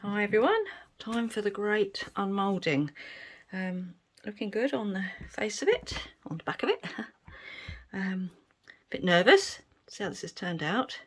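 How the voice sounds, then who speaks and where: A middle-aged woman chatting casually about her crafting, self-deprecating and quick to giggle. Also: mid-range voice, lively intonation. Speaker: resin art vlogger. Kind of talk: casual chat while crafting.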